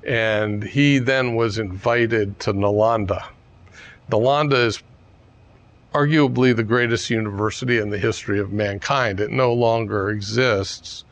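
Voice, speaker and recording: A man telling a teaching story in a casual, digressive way with chuckling asides. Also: fairly low pitch. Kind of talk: storytelling dharma talk.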